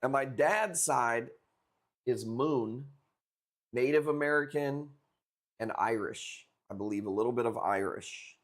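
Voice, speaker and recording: A young man from the Chicago area talks loosely with his viewers while he runs a live coral sale. His speech is relaxed and profane, and his voice sits at an ordinary middle pitch for a man. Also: measured pace. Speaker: livestream coral seller. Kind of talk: casual livestream chat.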